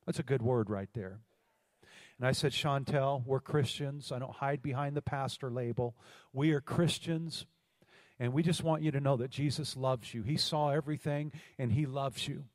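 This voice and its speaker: A man's voice: medium pitch, normal speed, a little mellow. A man preaching a sermon as pastor, telling a story and calling out to the congregation for responses. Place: large church hall. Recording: long hall reverb.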